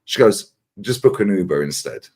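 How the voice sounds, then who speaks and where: Man in his forties, lively pitch, low voice, casual swearing storyteller. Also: normal speed. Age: 40s. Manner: animated, swears freely, acts out others' lines. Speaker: regular guest on a fan livestream.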